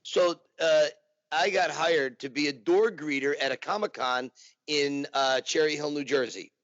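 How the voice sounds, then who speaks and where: A man being interviewed, telling his story animatedly. His voice is slightly high for a man. The sound is dry and somewhat muffled, with no room echo. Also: a little slow. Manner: animated anecdote telling with acted quotes. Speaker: interview guest, impersonator. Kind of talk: casual storytelling. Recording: dull dry recording.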